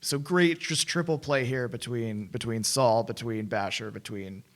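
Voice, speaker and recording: A man co-hosting a film podcast, recapping a movie in a lively, rambling way and laughing often. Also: mid-range voice, unhurried. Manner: enthusiastic, laughs often, restarts phrases. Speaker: podcast co-host. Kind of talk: casual film review chat.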